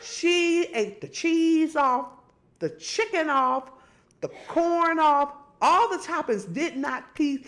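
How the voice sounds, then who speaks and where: A middle-aged woman, hosting and telling stories in casual, animated chat. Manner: animated storytelling, swings high and low. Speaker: host.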